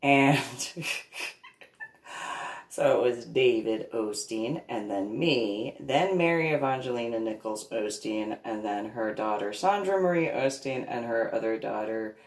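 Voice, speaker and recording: A woman telling a rambling personal anecdote, laughing often and slipping into a high, babyish voice when she quotes. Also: animated, a little slow. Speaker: storyteller. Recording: echoey room, far from the mic.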